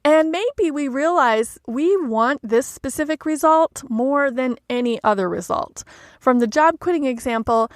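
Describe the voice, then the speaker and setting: A woman hosting a solo coaching podcast, talking in a gentle, measured, reflective way. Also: high voice, animated, dry recording, clean studio sound. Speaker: life coach podcast host.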